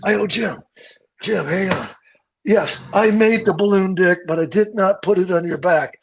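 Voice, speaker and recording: A man, a stunt coordinator, telling profane, lively stories from a film set and acting out other people's lines. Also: sits high, normal speed, vocal fry, slight background noise, poor audio.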